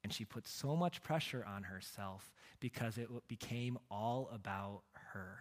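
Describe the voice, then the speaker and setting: A man preaching a sermon as a pastor, telling stories with humor and swinging between loud, emphatic lines and hushed ones. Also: fairly low pitch, measured pace. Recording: long hall reverb.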